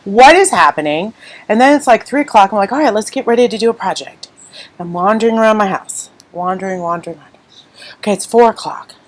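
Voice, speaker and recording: A woman's voice: medium pitch, fast talker, rough recording. A woman hosting a live craft stream, talking candidly and emotionally to viewers in a rambling, unscripted way while holding back tears. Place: at home.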